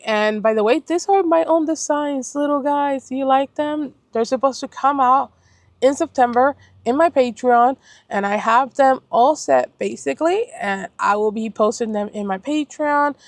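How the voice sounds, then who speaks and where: In a casual chat, a young planner vlogger from Puerto Rico talks on and on, backtracking to correct herself and apologizing as she goes. She has a high voice, speaks a little slowly, and there's no echo.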